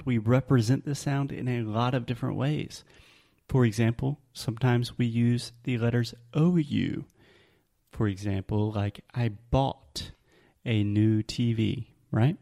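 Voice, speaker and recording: A man's voice: medium pitch, warm tone. A man with a Southern US accent, patiently teaching English pronunciation through examples in a casual chat. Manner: patient, explains slowly with examples.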